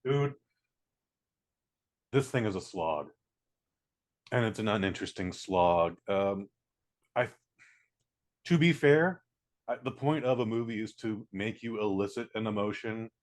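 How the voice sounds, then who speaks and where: A man giving a casual spoken movie review, blunt and profane, acting out scenes in quick little voices. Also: on the low side. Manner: blunt, profane, animated, mimics characters.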